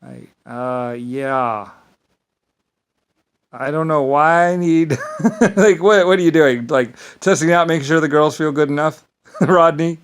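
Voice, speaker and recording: A man's voice: on the high side, unhurried, clean tone, poor audio. A man in a rambling, grandiose monologue to camera, swearing and laughing at himself. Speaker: vlogger.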